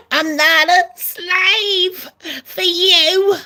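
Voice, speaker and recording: A woman mocking a shrill, defiant pop star. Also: full character voice. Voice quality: nasal. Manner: high-pitched, mocking and shouting.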